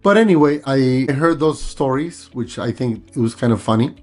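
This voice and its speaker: A middle-aged Mexican man, a native Spanish speaker, hosts a casual vlog with a rambling monologue and frequent repetition. His mid-range voice is animated and darkish at a normal pace, with faint music behind him.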